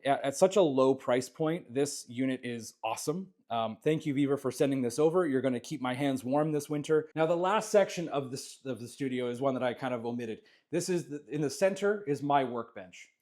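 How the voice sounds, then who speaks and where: A man from Canada giving a relaxed, rambling tour of his small home jewellery workshop, with plenty of fillers and restarts. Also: medium pitch, fairly quick, hardly any pauses. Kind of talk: casual walkthrough vlog.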